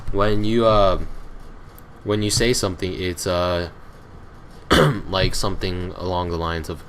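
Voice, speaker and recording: Low-voiced teenage guy rambling to viewers. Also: a bit bright, a little hiss or hum. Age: teens. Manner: rambling, hesitant with many fillers; irritable, grumbling. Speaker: gaming channel host. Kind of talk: casual chat to viewers.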